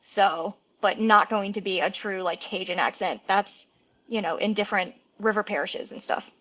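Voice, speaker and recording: A woman's voice: mid-range voice, moderate pace, a bit bright. A woman from the New Orleans area, a mountain biker chatting casually as an interview guest, peppering her talk with "like" and laughing often. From New Orleans area, Louisiana.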